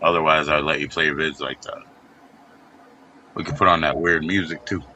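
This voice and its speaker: A man's voice: rumbling low, steady tone, moderate pace, sharp tone, muffled recording, a little hiss or hum. A man live-streaming, rambling casually and talking back at his chat. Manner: rambling, talks back to chat, trails into mumbles.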